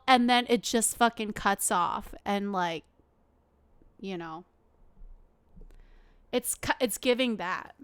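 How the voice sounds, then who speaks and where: A woman's voice: fairly high pitch, slow, long pauses, a bit bright, clean tone, no echo. A woman streamer reacting live to a news video, emotional and exclaiming, swearing often.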